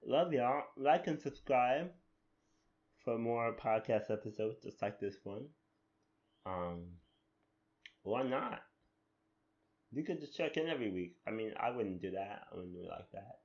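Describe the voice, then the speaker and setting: A man's voice: fairly low pitch, lively intonation, moderate pace, pauses often, lo-fi sound. A man hosting a solo podcast, rambling and amused at himself in casual chat. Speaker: podcast host.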